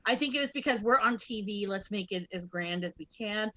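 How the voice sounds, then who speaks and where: A woman chatting casually on a wrestling podcast as a guest co-host, rambling with lots of fillers and restarts, now and then breaking into loud excited shouts. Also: mid-range voice, a little fast.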